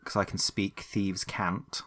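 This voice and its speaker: A man's voice: low-pitched, little pitch movement, slow pace, a bit bright. A man playing a tabletop game, chatty and a bit hesitant as he describes his moves. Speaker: player.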